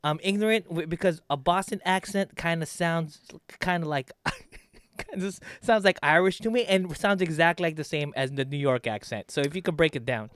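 A man's voice: a little high, normal speed, a bit bright. A man hosting a podcast, chatting casually with a guest, often laughing and stumbling over restarts. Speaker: podcast host.

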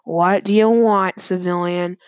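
A woman's voice: fairly high pitch, measured pace, creaky, dry recording. A woman voicing an impatient male shelter employee who barks out questions and orders. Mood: gruff. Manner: curt, barked questions and orders. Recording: dull lo-fi dry recording.

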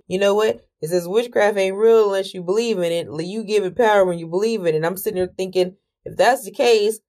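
A woman podcast host telling a story in a casual monologue, animated and exclamatory, cursing freely and talking herself down with deep breaths.

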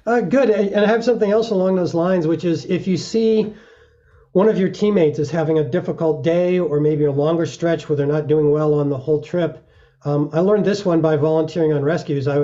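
A middle-aged man talks earnestly as an interview guest, slipping into little acted-out examples. His voice is mellow and a little high for a man, heard through a dull, lo-fi recording. The pace is steady and reflective. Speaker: mountaineer guest.

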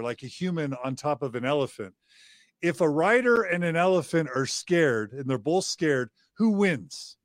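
A man's voice: on the high side, no room sound, studio quality. A middle-aged man talking earnestly and reflectively as a podcast guest, often restarting his sentences. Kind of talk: casual conversation.

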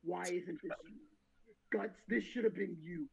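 A man's voice: sits high, a little slow, creaky, slightly rough, muffled recording, voice pushed down, heavily acted. A man putting on the voice of a vain, obsessive male anime commander, whining and indignant in a comedic impression. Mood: jealous whining. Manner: whiny, indignant ranting.

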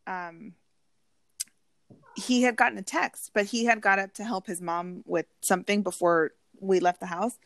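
A woman chatting casually, blunt and profane as she tells her story. Her voice is medium in pitch and sounds dry and close, with no room around it. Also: a bit bright, no echo. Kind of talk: casual chat.

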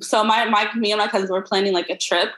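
A woman's voice: mid-range voice, steady tone, fast, fairly bright tone, poor audio. A young adult woman in casual chat as a podcast co-host, telling stories bluntly and swearing freely.

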